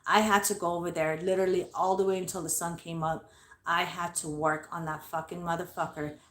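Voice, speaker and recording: A woman's voice: on the low side, level tone, a little fast, echoey room. A woman telling a ghost story from her bedroom at home in a casual, blunt way, swearing constantly. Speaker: paranormal investigator vlogger.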